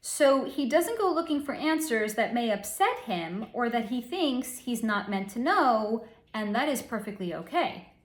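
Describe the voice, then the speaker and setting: A snarky woman talks casually as she gives a psychic reading, with sarcastic, profane asides. Her voice is fairly high and very animated, and the room adds a noticeable echo. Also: unhurried. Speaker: psychic channel host. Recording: roomy echo.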